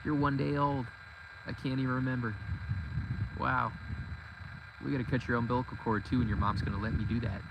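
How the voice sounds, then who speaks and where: A man's voice: medium pitch, level tone, fairly quick, gravelly, pauses often. A man of forty, walking around his goat farm and talking playfully to his goats in casual chat. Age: 40s. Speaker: vlogger. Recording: outdoor noise behind. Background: goats and outdoor ambience.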